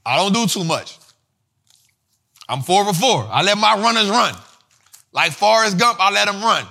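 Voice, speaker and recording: A man's voice: sits high, normal speed, vocal fry. A man hosting an investing show, teaching finance terms in a casual, slangy way with lots of repetition. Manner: slangy, repetitive, animated explaining.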